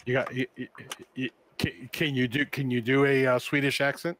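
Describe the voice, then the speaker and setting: A man playing a tabletop game in casual chat, jokey and animated, often restarting his sentences. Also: medium pitch, moderate pace. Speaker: player.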